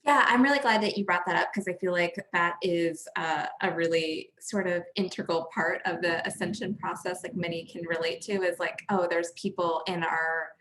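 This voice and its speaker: Female podcast host, lowish voice, searching and filler-heavy questions. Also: fairly even intonation, normal speed, few pauses, a bit bright. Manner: filler-heavy, searching phrasing with many likes and ums. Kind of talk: interview questions.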